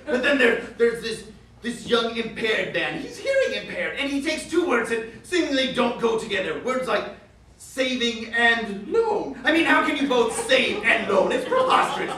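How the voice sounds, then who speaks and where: In a live stage comedy sketch, a man plays an eager Victorian author, pitching one strange story after another in a very high, swooping voice. The delivery is heavily acted and moderately paced, full of rambling, repeated "yes, yes," and theatrical shouts. He's picked up from a distance in an echoey theater, with the audience laughing.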